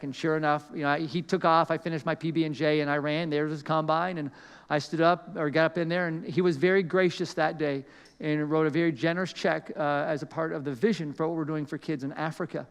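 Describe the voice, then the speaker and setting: High, smooth-voiced pastor in a big hall. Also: male voice, flat delivery, fast talker. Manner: conversational, acts out quoted voices, self-deprecating. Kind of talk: storytelling sermon. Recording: long reverb of a large hall.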